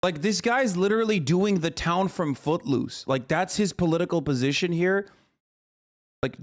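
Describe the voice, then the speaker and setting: Incredulous ranting male streamer. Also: sits high. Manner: incredulous, ranting, fast and exclamatory. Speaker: live streamer reacting to a clip. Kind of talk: casual reaction commentary.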